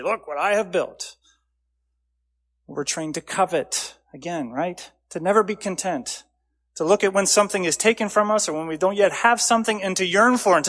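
A man preaching with a slightly higher voice than most, earnest and driving. He builds his phrases up loudly, then drops to a low, quiet close. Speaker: pastor. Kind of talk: sermon.

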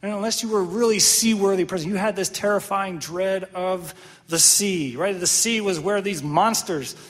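Man, high voice, animated sermon, quizzing the crowd, long hall reverb. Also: moderate pace. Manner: animated, asks the audience questions, frequent "right?". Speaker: pastor.

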